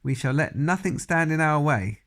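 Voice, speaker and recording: A man voicing a bold, excitable elderly grandmother in a storybook read-aloud, exclaiming emphatically. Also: fairly high pitch, normal speed, voice pushed up. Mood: excited.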